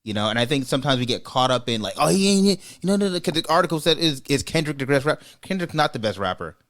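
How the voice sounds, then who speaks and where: A man's voice: on the high side, big pitch swings, quick pace, fairly bright tone. Emphatic man hosting a podcast. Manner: emphatic, opinionated, speeds up when making a point. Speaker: podcast host. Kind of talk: casual debate chat.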